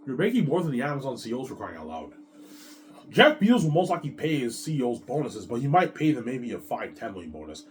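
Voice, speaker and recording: A man's voice: medium pitch, huge pitch swings, fast talker, slight background noise. A man hosting his own show, talking in a rambling, boastful and repetitive solo monologue, with a cough now and then. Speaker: show host.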